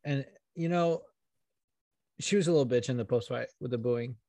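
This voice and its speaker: A man talks casually as a podcast co-host, chatty and quick to swear. He keeps acting out other people's lines in quick asides. His pitch is ordinary, and the recording is dry and close-miked. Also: dark tone, no echo. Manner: chatty, profane, acts out quotes. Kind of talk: casual chat about fights.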